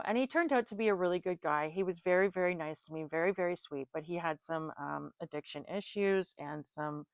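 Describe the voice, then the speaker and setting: A middle-aged woman giving a casual tarot reading, rambling into animated personal stories and laughing often. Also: on the low side, no echo. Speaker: tarot reader.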